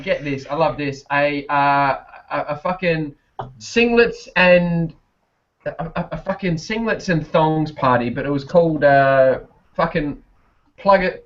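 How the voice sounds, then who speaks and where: A man's voice: a little high, a bit bright, highs cut off. A man with a South Australian accent, a podcast guest telling rambling stories, swearing heavily and laughing often. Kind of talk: casual chat.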